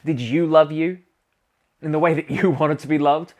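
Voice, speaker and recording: A man with a fairly high voice talks straight to camera about healing and growth. He is animated and emphatic, with loose, swearing-laced phrasing, and his delivery keeps pushing up in energy. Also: normal speed. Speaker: healing coach and channel host. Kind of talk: casual self-help monologue to camera.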